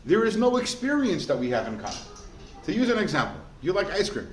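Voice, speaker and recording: A man, a rabbi teaching a class, in a lively way, often asking the listeners questions. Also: high-pitched, a little fast, faint music behind. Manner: animated, asks the class rhetorical questions. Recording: echoey room with faint noise.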